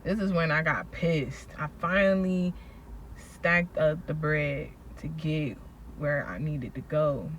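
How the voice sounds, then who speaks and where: A woman telling a personal faith story in a casual vlog, slangy and animated as she recounts events. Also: low-pitched, slow, slight background noise. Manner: animated storytelling, acts out quoted people, slangy. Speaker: faith vlogger.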